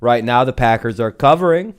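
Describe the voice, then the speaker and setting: Male streamer host, smooth clear voice, loose chatty banter with viewers. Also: mid-range voice, animated, fairly quick. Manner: chatty, reads viewer names, swears freely. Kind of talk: casual live-stream chat over a game.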